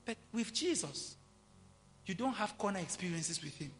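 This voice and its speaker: A man preaching a sermon, swinging from quiet, intimate asides to loud shouting. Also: high voice, animated, moderate pace. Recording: long hall reverb, faint music behind.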